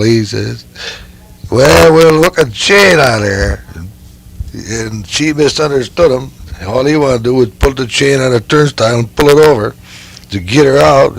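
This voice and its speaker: A man's voice: mid-range voice, gravelly, poor audio. An older man, dictating rambling folksy stories about his years as a game warden and stringing them along with "anyway". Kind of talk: dictated storytelling.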